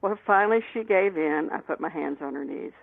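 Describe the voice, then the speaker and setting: A woman guest telling lively anecdotes in an interview, laughing often and restarting her sentences. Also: on the low side, a little fast, vocal fry, dry recording. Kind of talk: storytelling in an interview. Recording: tinny phone line, dry.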